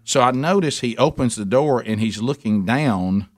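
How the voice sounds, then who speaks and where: A man's voice: medium pitch, moderate pace, no room sound. Rambling bearded man telling a story. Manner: rambling, many restarts, animated impressions. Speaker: radio show host. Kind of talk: casual storytelling chat.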